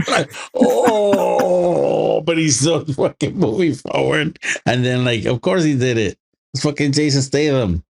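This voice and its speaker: Gravelly, laid-back podcast co-host man. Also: mid-range voice, moderate pace. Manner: laid-back, agreeing, swearing. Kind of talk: casual movie review chat.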